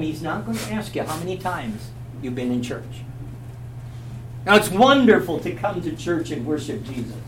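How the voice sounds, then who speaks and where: A man teaching a Bible class, telling a story with animation and quizzing his listeners. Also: sits high. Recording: echoey, from a distance, faint hum.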